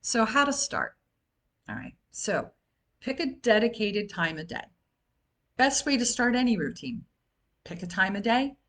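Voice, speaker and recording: A woman's voice: medium pitch, very animated, measured pace, long pauses, a bit bright. A woman in her fifties giving an informal wellness talk, chatty, with frequent fillers and restarts. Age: 50s. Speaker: wellness coach. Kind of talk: informal talk on self-help.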